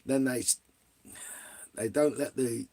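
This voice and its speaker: A man's voice: mid-range voice, takes it slowly, warm tone, no echo. A middle-aged English man chatting casually on a livestream, answering viewers in a blunt, rambling way and swearing a lot. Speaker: vlogger.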